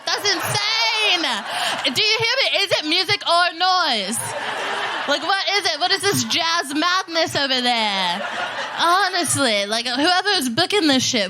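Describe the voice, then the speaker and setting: A woman's voice: high voice, sharp tone, slight background noise. A woman performing a brash, rowdy live stand-up comedy set on a festival stage. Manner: brash, rowdy, punchy delivery.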